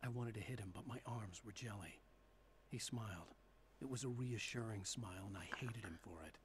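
An actor playing a brooding male novelist who narrates his own thriller in a measured, somber way. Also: fairly low pitch, a little hiss or hum, lightly acted. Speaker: game narrator. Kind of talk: scripted game narration.

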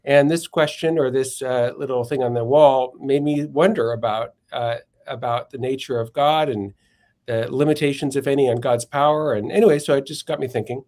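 His mid-range voice stays steady and a bit mellow, moving at a moderate pace. He's a male philosopher and author on a podcast, telling thoughtful stories and sometimes reaching for words.

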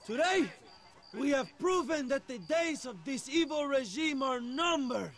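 A man's voice: very high-pitched, lively intonation, measured pace, a bit bright, exaggerated voice. An actor playing a fiery male rebel leader making a rousing speech to a crowd in a video game cutscene. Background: cheering crowd.

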